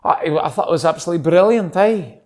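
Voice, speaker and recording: A man's voice: on the high side, lively intonation, quick pace. A man voicing a cheerful adult Scottish man in a put-on Scottish accent, enthusiastic and fond of tagging his phrases with a questioning eh.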